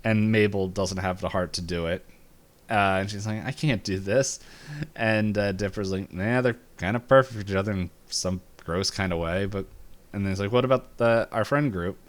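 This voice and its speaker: A man co-hosting a podcast, casually retelling a cartoon episode, laughing often and jumping up in pitch to act out lines. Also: normal speed. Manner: laughs while retelling scenes, voices lines with jumps in pitch. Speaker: podcast co-host.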